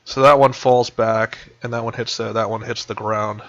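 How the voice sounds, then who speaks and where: Male game master, bright, dry sound, rambles with fillers, dull voice-chat line. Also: medium pitch, steady tone, normal speed, no room sound. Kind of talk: narrating a tabletop game. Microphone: voice chat headset.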